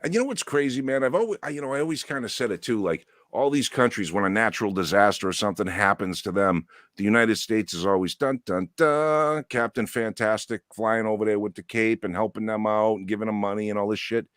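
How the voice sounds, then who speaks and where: A middle-aged man with a New England accent, co-hosting a casual podcast chat, rambling, profane and quick to laugh. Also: on the low side, a bit bright, dry recording, studio quality. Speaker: podcast co-host.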